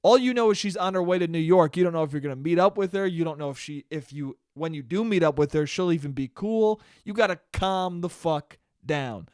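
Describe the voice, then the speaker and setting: A young man hosting a solo podcast, telling a story in a profane, animated way and breaking into laughter. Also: a little high, fairly quick, few pauses, clear, resonant tone, dry recording, clean studio sound. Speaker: podcast host. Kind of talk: casual solo podcast monologue.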